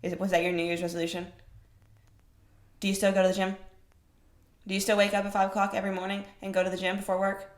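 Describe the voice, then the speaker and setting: A woman's voice: mid-range voice, fast, long pauses. A young woman hosting a fitness podcast, talking bluntly with lots of swearing and fired-up rhetorical questions. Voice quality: blunt, profane, emphatic. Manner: rhetorical questions, animated swings in loudness. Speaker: fitness podcast host, personal trainer. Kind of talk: casual monologue. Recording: roomy echo.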